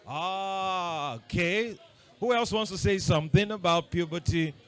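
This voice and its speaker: A man with a fairly high voice runs a lively session for boys. He keeps firing short questions at the kids, teasing them playfully as he goes. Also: smooth, soft background music. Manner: playful, quizzing the audience with quick questions. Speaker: workshop leader talking to boys. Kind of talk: interactive talk with children.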